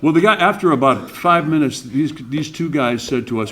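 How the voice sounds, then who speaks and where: In a banquet room, an older man emceeing an awards breakfast tells a jovial anecdote, acting out the voices of its characters. His voice is fairly high and a bit bright, very animated, moving at a moderate pace with few pauses.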